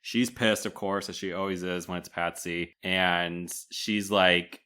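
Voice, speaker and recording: A man co-hosting a podcast, recapping a film in casual, rambling chat, full of "like" and quick chuckles. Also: low voice, level tone, sharp tone, clean tone. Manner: rambling, many "like" fillers, chuckles often. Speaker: podcast co-host.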